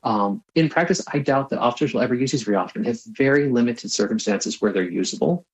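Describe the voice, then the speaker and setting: A man answering a news interviewer, brisk and assured, in a mid-pitched voice. He speaks with steady conviction. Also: rough recording. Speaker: interview guest, former attorney.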